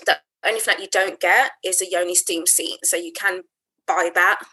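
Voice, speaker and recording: A woman's voice: on the low side, steady tone, normal speed, sharp tone, slightly rough, low-quality recording. A woman guest on a podcast, talking casually with many fillers, explaining her course. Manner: chatty, uses many fillers and "like". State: emotional, tearful near the end. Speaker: guest, wellbeing business founder.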